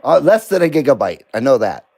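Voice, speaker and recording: A man's voice: medium pitch, very animated, a little fast, a little mellow, husky. A middle-aged man hosting a live stream, chatting casually, joking and laughing often as he reads comments.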